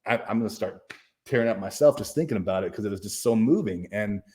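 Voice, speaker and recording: A man's voice: fairly low pitch, expressive, fast talker, darkish tone. Profane, emphatic man telling a story. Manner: profane, emphatic, with frequent restarts and repetitions. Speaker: guest speaker and author. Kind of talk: casual storytelling in a podcast interview.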